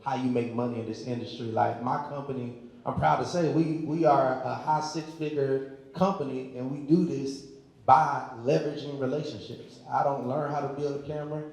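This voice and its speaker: A man's voice: mid-range voice, fairly even intonation, moderate pace, gravelly, a little mellow. Confident man talking in an echoey hall. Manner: confident, emphatic salesman's delivery. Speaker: panelist. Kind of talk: panel talk to a live audience. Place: large hall at a community event.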